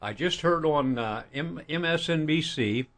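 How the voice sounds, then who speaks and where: A man co-hosting in the studio, reading news in a halting way with many uhs. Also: on the high side, fairly bright tone. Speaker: studio co-host. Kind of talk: news chat on talk radio.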